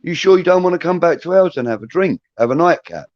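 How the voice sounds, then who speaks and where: A man's voice: a little high, expressive, quick pace, dry recording, lo-fi sound, pitched above the performer's own voice, natural voice. A man voicing a tipsy middle-aged woman who is eager and insistent, in a coaxing, sing-song way.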